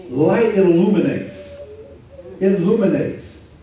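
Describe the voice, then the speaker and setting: High, dark-voiced preacher in an echoey church. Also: male voice, expressive. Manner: conversational preaching, reads scripture slowly. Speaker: pastor. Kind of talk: sermon. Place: church sanctuary. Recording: echoey room from far off, faint ambience.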